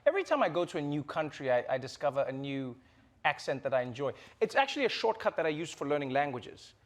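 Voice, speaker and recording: A man's voice: a little high, big pitch swings, fast. A man answering questions in a chatty, playful way, thinking aloud. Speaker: comedian answering audience questions. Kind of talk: casual Q&A.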